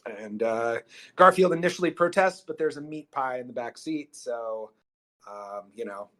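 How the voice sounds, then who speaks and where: A man's voice: medium pitch, animated, moderate pace, a bit bright. A man co-hosting a podcast, casually retelling a movie plot with lots of ums and loose, rambling asides. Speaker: podcast co-host. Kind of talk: casual movie recap chat.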